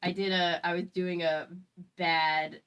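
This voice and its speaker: A woman's voice: fairly low pitch, flat delivery, slow, a bit bright, clean tone, highs cut off. A woman hosting a casual stream chat, rambling along with lots of "like" fillers. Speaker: host.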